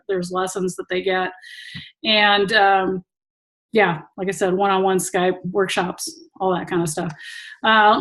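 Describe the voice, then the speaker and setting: A woman's voice: medium pitch, poor audio. A woman who teaches tantra talks casually to an online audience over a video call and laughs often while she tells stories.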